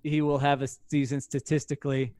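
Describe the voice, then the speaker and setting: A man hosting a casual sports podcast, talking in an animated way with quick, self-deprecating asides. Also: medium pitch, dry recording. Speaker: podcast host.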